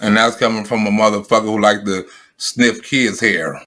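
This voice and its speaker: A man with a fairly low voice roasts his targets in a brash, mocking style, swearing freely. He hosts a comedy commentary show with a quick, jabbing delivery. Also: fairly even intonation, fairly bright tone. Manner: brash, mocking, heavy cursing. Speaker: comedian host. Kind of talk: profane comedic commentary over clips.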